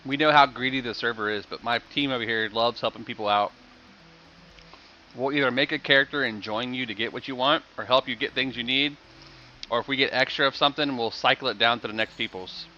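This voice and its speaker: A man's voice: mid-range voice, fairly quick, sharp tone, highs cut off, a little hiss or hum. A man streaming a game live, chatting casually with viewers, explaining prices and thanking them for gifts.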